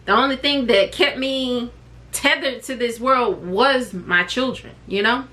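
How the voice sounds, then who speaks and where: A woman vlogger and mother telling a personal story to camera in a chatty, expressive way, wandering off on tangents. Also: on the high side, measured pace.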